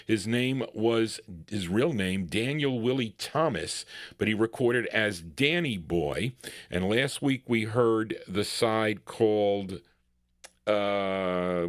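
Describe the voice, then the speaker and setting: A man's voice: lowish voice, no room sound, studio quality. A man hosting a live record show, introducing songs in casual, rambling patter and chuckling at himself. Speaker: radio-style record show host.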